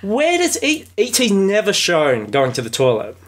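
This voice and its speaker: A man hosting a podcast, reading a book aloud in a dry deadpan way with sarcastic comments in between. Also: high-pitched, moderate pace. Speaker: podcast host. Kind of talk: comedic book reading and chat.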